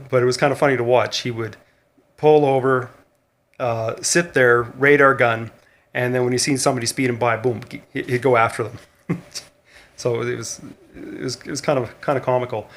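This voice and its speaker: A man's voice: mid-range voice, steady tone, normal speed, fairly bright tone. A man chatting casually in a vlog diary, rambling with fillers and chuckles, tired after a long day of running. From Canada. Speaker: vlogger on a cross-country run.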